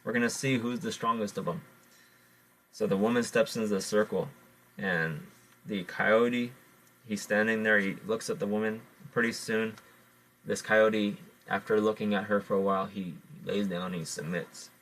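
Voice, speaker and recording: A man with a low voice retells a traditional animal story. He halts often, fills gaps with "uh," and repeats his words as he goes. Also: fairly even intonation, a bit bright. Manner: halting, repeats words, fillers. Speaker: podcast host. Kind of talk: oral storytelling.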